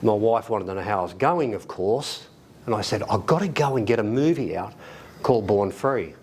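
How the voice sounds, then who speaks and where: A middle-aged Australian man telling a casual anecdote, animated and laughing as he acts out the people in his story. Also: fairly low pitch, normal speed, husky. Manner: animated, acts out quoted voices, laughs often. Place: library event room.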